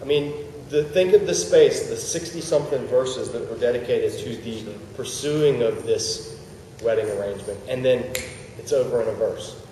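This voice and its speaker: A man leads a relaxed Bible study, talking in a conversational way with jokey asides and questions put to his listeners. His voice is mellow and low in brightness. It was picked up from a distance in a big room with a long, roomy echo. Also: normal speed, hardly any pauses, slight background noise. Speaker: Bible teacher. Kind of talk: casual Bible study teaching.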